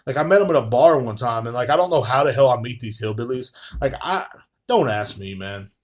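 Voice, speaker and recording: A man's voice: medium pitch, lively intonation, a little fast. A young man, ranting profanely in a casual, rambling monologue full of fillers as a podcast host. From Texas.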